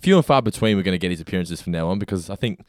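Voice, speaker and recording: Aussie guy cohosting a podcast, teasing storyteller, fast, bouncy pitch. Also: expressive, a little mellow, no echo, studio quality. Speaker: podcast co-host. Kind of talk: casual chat.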